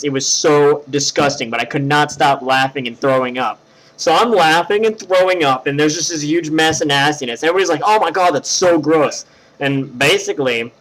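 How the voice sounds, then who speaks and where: A man's voice: medium pitch, rough recording. A young man from Tennessee, telling a rambling story to his webcam with lots of fillers and restarts. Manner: rambling, animated, filler-heavy. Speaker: vlogger.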